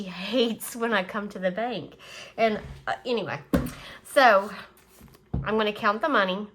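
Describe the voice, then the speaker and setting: A woman's voice: medium pitch, fairly bright tone. A middle-aged woman chatting casually to camera as a budgeting vlogger, rambling with many fillers and counting money aloud. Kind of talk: casual chat to camera while counting cash.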